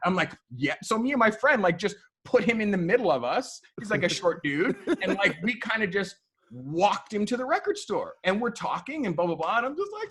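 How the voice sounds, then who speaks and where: Male guest, slightly high-pitched, animated casual storyteller who swears freely. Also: breathy edge. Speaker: photographer guest. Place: podcast studio.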